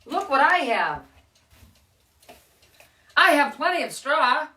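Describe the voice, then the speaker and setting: Woman doing a contented little pig, chatty, self-satisfied, bright voice, echoey room, slightly off-mic, storybook voice. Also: sits high, sing-song, slow pace, distant mic, heavily acted. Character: young male pig, content and easygoing.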